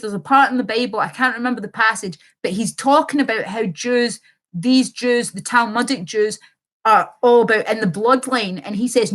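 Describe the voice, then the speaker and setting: Young woman streamer, slightly high voice, rambling and heated, casual swearing. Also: normal speed, a bit bright. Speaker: livestreamer. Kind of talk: livestream chat reading viewer comments.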